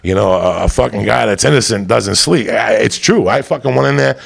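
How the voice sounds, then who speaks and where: A man telling a profane stand-up story, rowdy and swinging into loud high-pitched outbursts. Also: brisk, creaky, breathy edge. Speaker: comedian. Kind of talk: stand-up storytelling to a live audience.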